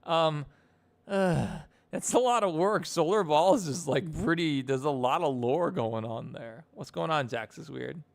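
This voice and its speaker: Gravelly young male streamer. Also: on the high side, measured pace. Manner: rambling, filler-heavy. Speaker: animator streamer. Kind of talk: casual live-stream chat.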